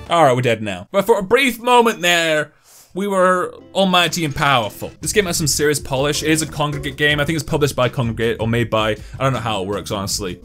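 A man's voice: fairly high pitch, a bit bright. A man giving casual, jokey commentary while playing a video game, often yelping and laughing. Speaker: gaming YouTuber.

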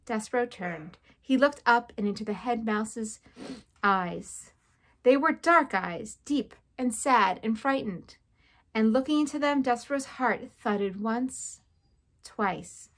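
A woman teacher at home, reading a children's novel aloud to her class with a clear, expressive delivery. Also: a little high, takes it slowly.

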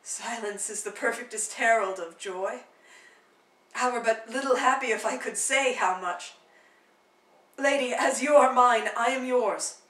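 A woman's voice: on the high side, unhurried, a bit bright, echoey room, distant mic, rough recording. A woman voicing a young lovestruck nobleman, speaking earnestly and ardently in a play reading.

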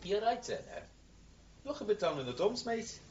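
An actor playing a dry, mocking young labourer from a rough home. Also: male voice, sits high, very animated, normal speed, a little mellow, a little hiss or hum. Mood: sardonic. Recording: echoey dull TV soundtrack.

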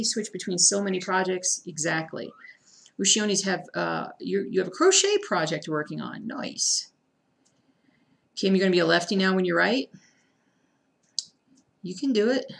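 A woman's voice: medium pitch, gravelly. Chatty woman stitching on a live stream. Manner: chatty, self-deprecating, talks to chat, mutters to herself. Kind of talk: casual live-stream chat while stitching.

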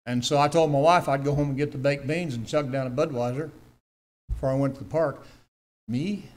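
A man's voice: medium pitch, steady tone, fairly quick. An older man, giving a personal testimony in church, telling his story earnestly with emphatic repetitions.

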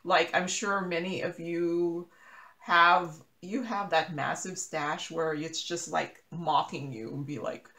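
A woman's voice: fairly low pitch, fairly even intonation, slow, sharp tone. A woman chatting casually to viewers while she does a diamond painting at home, rambling, correcting herself and laughing often. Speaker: crafting YouTuber. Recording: roomy echo.

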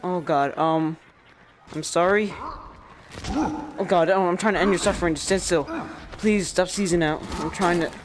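Man, gamer, let's-play commentary, flustered, apologetic, slightly high voice, noisy recording. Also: normal speed, long pauses.

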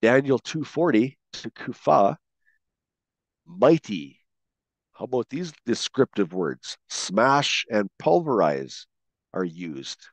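Male teacher for a scripture lesson voice-over: unhurried, emphatic, dry close mic. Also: medium pitch, very animated, no echo. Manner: slow, questioning, emphatic on key words. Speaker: Bible study teacher.

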